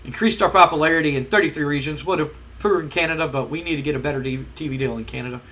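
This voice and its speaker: A man casually narrating his wrestling management game, chatty and relaxed with frequent ums. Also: fairly high pitch, racing. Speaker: gamer narrating a wrestling sim. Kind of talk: casual let's-play commentary.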